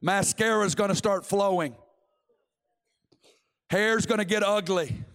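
A man preaching a fervent sermon in a church, with a notably high voice. He hammers his points home by repeating short phrases. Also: a little slow, fairly bright tone. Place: church sanctuary.

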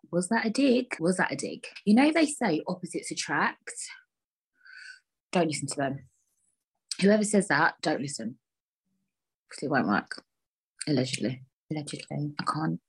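A woman's voice: fairly low pitch, slightly rough. A young woman hosting a podcast alone, talking candidly and bluntly with lots of swearing. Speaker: podcast host. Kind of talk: casual solo podcast chat.

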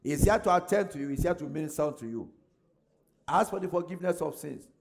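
A man's voice: fairly high pitch, expressive, a little fast, gravelly. A male pastor leading his congregation in fervent prayer, calling out prayer points for them to repeat and breaking into speaking in tongues.

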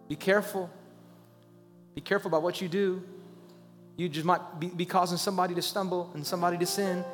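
A man preaching a sermon as a pastor, talking conversationally and rising into loud, urgent pleas. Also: high voice, in a large hall.

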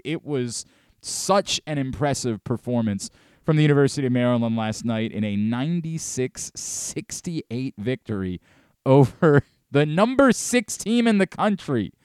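A man's voice: fairly high pitch, a little mellow, clean tone, no room sound, clean studio sound. A man hosting a sports talk radio show, giving heated opinions with emphatic repetition.

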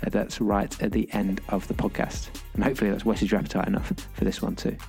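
A man's voice: on the low side, level tone, quick pace, gravelly, darkish tone, faint music behind. A man co-hosting a podcast, chatting casually and hesitantly with many fillers. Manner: hesitant, full of fillers, friendly. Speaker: podcast co-host.

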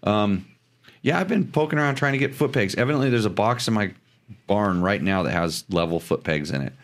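A man hosting a casual podcast, talking in a rambling, halting way with many restarts. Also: on the low side, lively intonation. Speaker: podcast host. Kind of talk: casual chat about motorcycles.

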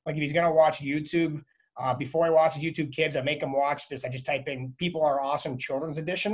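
A man in his thirties talks casually as a podcast guest, his voice sitting a little high for a man. He tells stories with energy and acts out small scenes along the way. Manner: animated storytelling, acts out his son. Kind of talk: casual interview chat.

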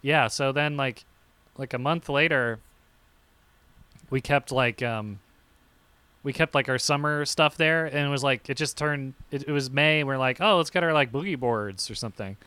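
Smooth and mid-range, this young podcast co-host's voice comes through a dry recording at normal speed. In easygoing chat he spins lively stories, punctuating quoted lines with abrupt yelps.

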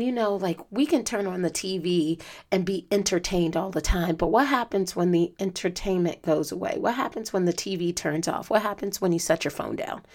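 A woman hosting a solo podcast in a casual, reflective way, speaking earnestly with many fillers, her voice strained from lost sleep. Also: mid-range voice. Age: adult student. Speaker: podcast host.

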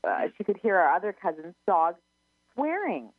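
A woman's voice: fairly low pitch, very animated, normal speed, breathy edge, no echo. A woman who gives psychic readings, chatting casually as co-host and telling stories with many restarts and quotes of herself. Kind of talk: casual radio chat. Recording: narrow phone-line sound, dry.

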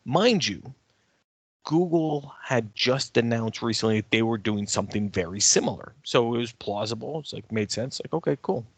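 A man co-hosting a podcast, telling a story in a casual, animated way and getting worked up as he rants. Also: medium pitch, moderate pace, husky, dry recording. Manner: animated, ranting storyteller who grows heated. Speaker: podcast co-host and editor.

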